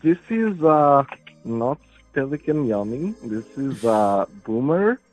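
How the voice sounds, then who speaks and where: A man calling in and voicing a German boomer with a put-on German accent, hesitant and searching for words. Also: big pitch swings, slow, a little mellow, faint music behind, low-quality recording. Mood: halting. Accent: put-on German accent, veering Swedish. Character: German male boomer caller. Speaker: caller.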